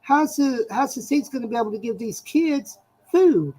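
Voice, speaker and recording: A woman's voice: on the high side, lively intonation, moderate pace, warm tone, slightly rough, poor audio. A woman hosting a heated casual chat, blunt and combative, pressing the others with pointed questions.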